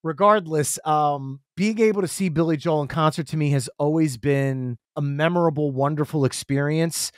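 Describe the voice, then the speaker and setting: Animated man telling stories, dry sound. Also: a little high, normal speed, hardly any pauses, dry recording. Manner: animated storyteller, acts out quotes. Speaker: podcast guest. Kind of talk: casual storytelling.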